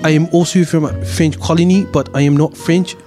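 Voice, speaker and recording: A man's voice: fairly high pitch, steady tone, a little fast, dark tone, faint music behind, pitched above the performer's own voice, close to an everyday voice. A man voicing a grumpy local resort worker fed up with tourists, swearing in an exaggerated made-up foreign accent, in an improvised accent game. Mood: grumbling.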